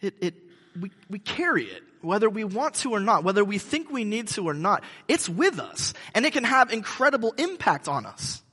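A male pastor giving a conversational sermon, halting with frequent restarts. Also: high voice, big pitch swings, bright, forceful tone, husky, long reverb tail.

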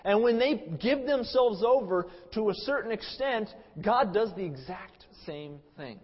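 A man preaching an expository Bible sermon, stressing words loudly and then trailing off quietly, often repeating himself. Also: very high-pitched, normal speed. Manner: emphatic, swings between loud stresses and quiet trailing phrases, repeats words. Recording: dull sermon recording with long hall reverb.

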